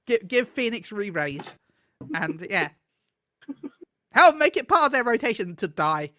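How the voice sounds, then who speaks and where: A man co-hosting a casual gaming podcast, excitable and quick to laugh, often tripping over his words. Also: high voice, no room sound, studio quality. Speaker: podcast co-host.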